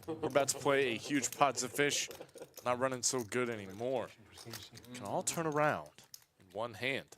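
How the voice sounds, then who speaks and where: Man, poker commentator, live play-by-play, brisk, dramatic, faint background noise. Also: mid-range voice.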